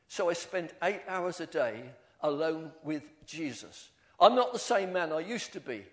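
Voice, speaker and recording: A middle-aged man delivers a sermon with earnest feeling, sometimes tripping over his words and starting again. His voice sits somewhat higher than most men's. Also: animated. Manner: earnest, halting with repeated restarts. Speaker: pastor.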